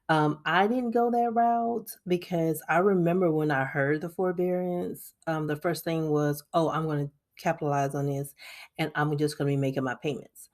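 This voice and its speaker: Woman, low voice, gravelly, casual budget vlog chatter. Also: darkish tone. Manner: chatty, addresses viewers as y'all, laughs often. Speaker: budgeting vlogger. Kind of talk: casual screen-recorded budget walkthrough.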